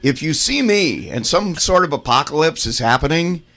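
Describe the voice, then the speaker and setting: A man's voice: on the high side, lively intonation, normal speed, fairly bright tone. A man co-hosting a casual podcast chat, joking and full of wry asides. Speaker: podcast co-host.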